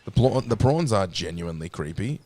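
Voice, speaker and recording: A man streaming a game, chatting casually with a teasing, sweary, deadpan manner. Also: sits low, brisk, crowd noise. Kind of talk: casual gaming chat.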